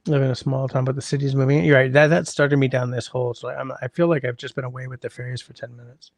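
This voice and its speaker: A man hosting a casual livestream from a close mic, chatty and rambling with wry asides to his viewers. His voice is gravelly at a middle pitch, and the sound is dry and close. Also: level tone, fast, no room sound. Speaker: livestream host reading chat.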